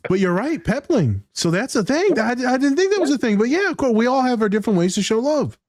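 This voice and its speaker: A man's voice: very high voice, big pitch swings, quick pace, darkish tone, dry recording. A man hosting a podcast in casual chat, joking and teasing his guest and laughing easily. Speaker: podcast host.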